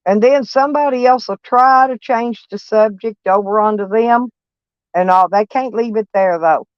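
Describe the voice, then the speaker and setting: Woman vlogger, blunt drawl, smooth voice, close dry lo-fi recording. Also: fairly high pitch, moderate pace, dry recording. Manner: blunt, drawling, repeats herself. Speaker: van life vlogger. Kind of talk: casual live-stream chat. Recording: dull lo-fi sound.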